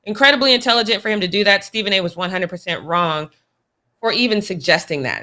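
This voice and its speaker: Bright-voiced woman sports co-host. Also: medium pitch. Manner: opinionated, emphatic. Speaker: podcast co-host. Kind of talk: casual sports chat.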